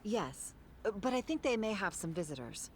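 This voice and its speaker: An actress playing a polite, helpful receptionist in a video game. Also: female voice, medium pitch, big pitch swings, moderate pace, a little mellow, a little hiss or hum, natural voice.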